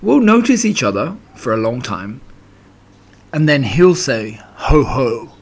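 A man voicing a kindly, simple-minded male bear who talks in a gentle, musing way. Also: medium pitch, sing-song, unhurried.

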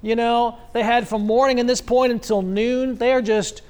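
A male pastor delivers a lively, joking sermon from a church stage, speaking into a stand microphone. His voice is very high-pitched and comes through smooth and resonant. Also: normal speed. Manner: animated, joking storytelling.

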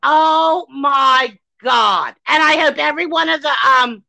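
A woman co-hosting a podcast, ranting furiously with heavy swearing and shouts. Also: sits high, a little slow, vocal fry, no echo, poor audio. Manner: reads a news article aloud. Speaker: podcast co-host. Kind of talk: angry podcast discussion.

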